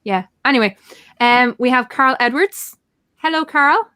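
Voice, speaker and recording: Bubbly woman hosting a live chat show, fairly high voice, quick to laugh. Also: bright, forceful tone, clean tone. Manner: bubbly, chatty, laughs often. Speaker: host. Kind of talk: casual livestream chat.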